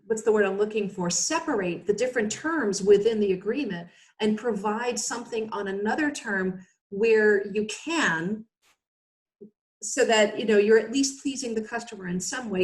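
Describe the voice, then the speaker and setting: A woman talking through practical advice as a webinar guest, heard over a video call. Her pitch sits in the middle, and she keeps a relaxed, conversational flow, with fillers and small restarts. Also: moderate pace. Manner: conversational, explanatory, with frequent fillers.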